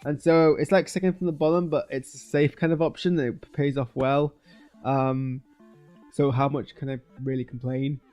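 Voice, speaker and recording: Reviewing a film over a streaming webcam setup, this man speaks at normal speed with a medium-pitched, warm voice and flat delivery. He rambles and hesitates, restarting many times, while faint music plays behind him.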